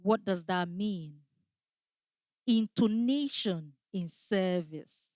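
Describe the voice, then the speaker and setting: A woman's voice: medium pitch, extremely slow, a little mellow, dry recording. Woman giving a customer service class, stresses her points, keeps asking "all right?", medium voice. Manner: emphatic, repeats key phrases, checks in with "all right?". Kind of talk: training lecture.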